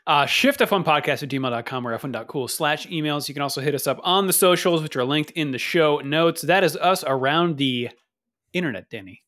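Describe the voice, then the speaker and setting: Male host, upbeat, bright and lively, slightly higher voice. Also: brisk. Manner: upbeat, runs the show segments. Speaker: podcast host. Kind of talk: casual chat.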